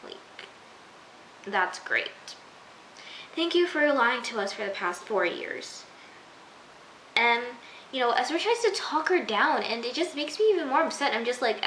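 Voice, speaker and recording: A chatty young woman talking through a TV episode, her bright, forceful voice set a little high for a woman. She gushes and fills her talk with "like". The room is echoey, with a faint hiss behind her. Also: big pitch swings, a little slow, pauses often. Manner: gushing, chatty, frequent "like" fillers. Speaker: TV recap vlogger. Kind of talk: casual episode review.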